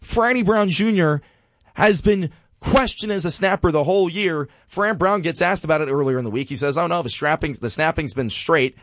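A man co-hosting a sports podcast, giving exasperated, animated commentary and repeating a refrain. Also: fairly high pitch, normal speed, no echo.

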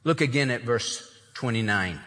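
A man's voice: mid-range voice, expressive, normal speed, sharp tone, in a large hall. A man preaching a sermon who acts out the voices of the people in his story. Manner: acts out the older son's complaints in voices. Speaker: pastor.

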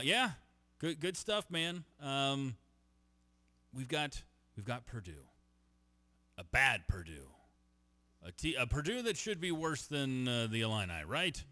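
A man's voice: mid-range voice, moderate pace. A man hosting a sports talk radio show, joking with co-hosts and reading promos and phone numbers. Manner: joking, animated, reads promos. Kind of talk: casual sports radio chat.

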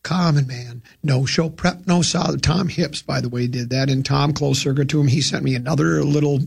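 A man's voice: mid-range voice, fairly even intonation, a little fast, gravelly, a little mellow, breathy edge. A man hosting a radio talk show, chatting casually and rambling with many restarts.

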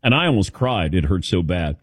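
A man's voice: low-pitched, a little fast, no echo. A middle-aged man hosting a radio show, telling stories casually and acting out what others said. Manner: animated anecdotes, quotes others in voices. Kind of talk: casual storytelling chat.

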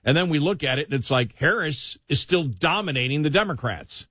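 A radio talk host with a Buffalo accent chats his way through the news in a loose, conversational manner. His voice is a bit high and sits dry and close to the mic. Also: animated, a little fast, a bit bright, no echo. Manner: chatty, conversational, frequent "you know". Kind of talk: casual political talk radio.

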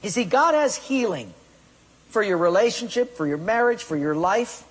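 A man's voice: high voice, lively intonation, moderate pace, slightly rough. A man preaching a sermon, putting direct questions to his congregation. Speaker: pastor. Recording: echoey hall with long reverb.

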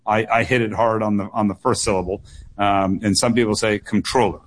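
A low-pitched man speaks as a political candidate on call-in radio. He answers in an earnest way, repeating words and padding with fillers as he builds his points. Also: level tone, fairly quick. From United States. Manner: earnest, repetitive phrasing with many fillers and doubled words.

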